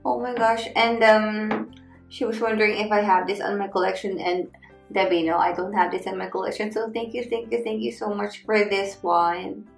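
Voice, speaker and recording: A woman unboxing gifts on her vlog, gushing with excitement and thanking the sender over and over. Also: medium pitch, moderate pace, vocal fry. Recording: echoey room with faint music.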